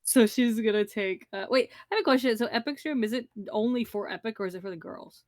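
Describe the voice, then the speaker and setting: A woman's voice: a little high, fast talker, a little mellow, dry recording, studio quality. A woman playing a tabletop game, hesitant with many fillers as she plans her character's moves. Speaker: player.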